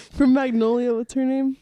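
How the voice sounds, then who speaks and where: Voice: high-pitched, warm tone, clean tone. A podcast co-host in casual chat who often hesitates, searching for the right words.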